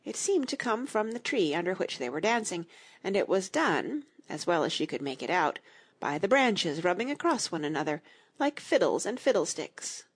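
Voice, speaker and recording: A woman narrating a children's audiobook with a husky, slightly breathy tone. Her pitch sits a little low but moves with lively, animated swings as she tells the story. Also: moderate pace. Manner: expressive, storytelling.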